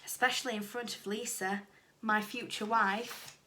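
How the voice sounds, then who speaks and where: A woman voicing a shy schoolboy, quietly musing to himself. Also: on the high side, moderate pace, lightly acted, low-quality recording. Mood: dreamy. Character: shy hopeful schoolboy footballer.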